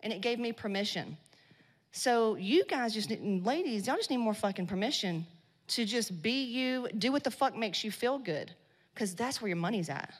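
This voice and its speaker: A woman's voice: fairly high pitch, lively intonation, moderate pace. A woman giving a blunt, profane motivational talk to a live audience at a women's business event. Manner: blunt, swearing, slangy and loud in bursts. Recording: long hall reverb.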